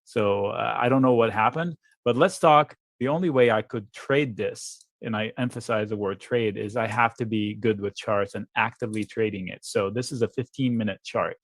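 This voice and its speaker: A man's voice: fairly low pitch, dry recording. Blunt man walking through trading charts. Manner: blunt, quick asides, thinks aloud over charts. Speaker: options trader guest. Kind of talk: live trading webinar commentary.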